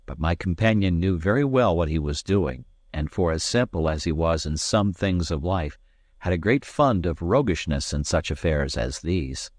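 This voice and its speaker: A man narrating an adventure novel as an audiobook, in a measured, expressive storytelling manner. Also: low voice, no room sound, studio quality. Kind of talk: scripted narration.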